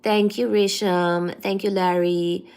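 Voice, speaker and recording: A woman hosting a casual livestream, greeting viewers one by one by name and answering chat in a soft-spoken way with frequent ums. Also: mid-range voice, little pitch movement, slow, clear, resonant tone. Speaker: livestream host reading chat.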